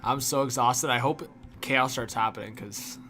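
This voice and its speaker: A young man hosts a casual hockey livestream, reading and answering chat while rambling and leaning on fillers, especially "like." His medium-pitched voice has fairly even intonation and a moderate pace, sounding pushed and bright. Soft music plays in the background.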